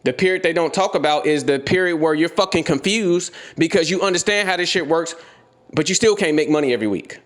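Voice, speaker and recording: A man's voice: on the high side, a little fast, a bit bright. A man giving a blunt, profane motivational rant as a trading educator, repeating his points and confronting the listener directly.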